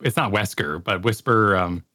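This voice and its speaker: A man co-hosting a podcast, chatting casually about movies, searching for words and then rattling off quick lists. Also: fairly low pitch, pushed and bright. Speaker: podcast co-host.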